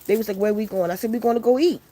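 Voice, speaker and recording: Speaking rapid-fire in a fairly high voice, a woman spins a long, casual story for her viewers. She's loose and profane, animatedly acting out the characters in it.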